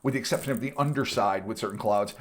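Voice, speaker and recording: A man's voice: fairly low pitch, fast. A man co-hosting a podcast, musing at length in casual chat. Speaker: podcast co-host.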